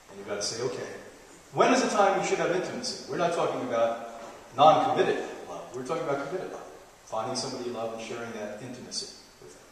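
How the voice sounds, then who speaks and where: A man's voice: mid-range voice, expressive, fast, recorded from a distance, slight background noise. Joking man lecturing in an echoey hall. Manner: joking, playful storyteller. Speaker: health lecturer. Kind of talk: live lecture to an audience. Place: large hall. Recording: echoey hall, taped from afar.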